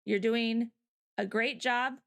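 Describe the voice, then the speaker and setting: A woman hosting a livestream in chatty, upbeat casual talk, quick to laugh. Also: on the high side, fairly even intonation, clear, resonant tone. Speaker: streamer host.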